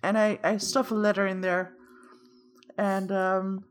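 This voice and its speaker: A woman playing a tabletop game, describing her actions in a chatty, halting way. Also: medium pitch, level tone. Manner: chatty and halting, with many ums. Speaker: player. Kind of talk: casual tabletop play.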